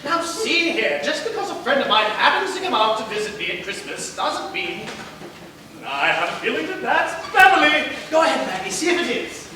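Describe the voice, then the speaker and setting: A man's voice: very high voice, sing-song, normal speed. A man acting a cranky, domineering celebrity critic in a live stage play, bossy and imperious. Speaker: stage actor. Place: theater stage. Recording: distant, echoey and noisy theater recording.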